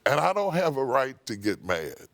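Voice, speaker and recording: A man's voice: mid-range voice, sing-song, moderate pace, a bit bright, dry recording. A man who is a bishop, telling a personal story in an emphatic, preacherly way during a TV studio interview.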